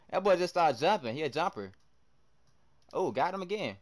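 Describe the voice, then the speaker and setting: A young man livestreaming a basketball game, his voice sitting a little high and swinging widely up and down. He keeps up a running commentary for his viewers, loudly trash-talking opponents and reacting to every play. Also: moderate pace, pauses often. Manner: animated trash talk, reacting loudly to plays. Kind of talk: live gameplay commentary.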